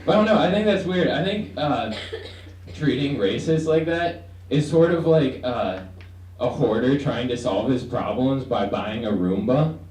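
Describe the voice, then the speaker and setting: Young guy doing standup, animated and halting, mic far off in an echoey room. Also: mid-range voice. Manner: rambling, hesitant, acts out voices. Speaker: stand-up comedian. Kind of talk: stand-up set. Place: student comedy room with audience.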